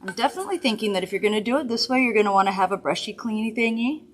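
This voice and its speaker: A woman's voice: fairly high pitch, animated, very fast. A woman hosting a live makeup demonstration from a studio, chatty, upbeat and reassuring as she works. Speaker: makeup host.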